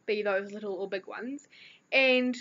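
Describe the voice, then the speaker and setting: A woman's voice: mid-range voice, unhurried, fairly bright tone. A teenage girl with a New Zealand accent, rambling through a story in a chatty vlog with lots of fillers. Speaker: vlogger. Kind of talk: casual chat. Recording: dull lo-fi recording.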